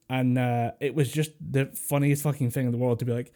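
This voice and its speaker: A man's voice: mid-range voice, fairly even intonation, brisk, hardly any pauses, dark tone. A Scottish man co-hosting a podcast, telling jokey stories with swearing and fillers over a voice chat call. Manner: swearing, joking storyteller with many fillers. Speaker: podcast co-host. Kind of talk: casual chat. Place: home, remote voice call. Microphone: computer mic over a voice chat call.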